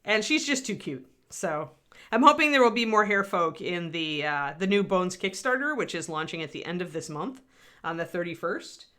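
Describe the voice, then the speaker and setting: Bright-voiced woman chatting on a livestream. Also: on the low side, expressive, moderate pace. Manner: chatty, rambling, answers chat. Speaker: livestream host painting miniatures. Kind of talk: casual livestream chat.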